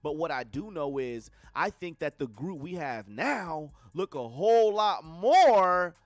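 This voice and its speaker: A man's voice: fairly high pitch, very animated, unhurried, no room sound. A young man giving a casual, profane film review on a livestream, blunt and full of slangy asides. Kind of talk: casual movie review rant.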